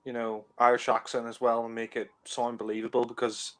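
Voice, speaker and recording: A man talking over a movie in a relaxed commentary. His pitch sits in the middle, and he hedges and restarts his sentences with plenty of "you know". It sounds like a home mic. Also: fairly quick. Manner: hesitant, many "you know" fillers and restarts. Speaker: film commentator. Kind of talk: casual film commentary chat.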